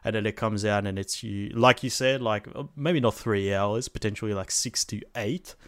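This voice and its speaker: Aussie guy rambling about games, lowish voice, lots of ums and restarts, dry close mic. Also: moderate pace, a bit bright, no room sound. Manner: rambling with many fillers and restarts, swears casually. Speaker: podcast co-host. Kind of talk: casual chat about video games.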